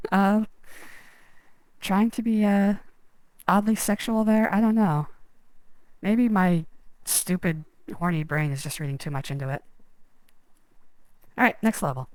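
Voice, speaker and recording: A woman's voice: medium pitch, a little mellow, no room sound, rough recording. Chatty woman streaming a game. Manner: chatty, self-deprecating, rambling. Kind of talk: casual gameplay commentary.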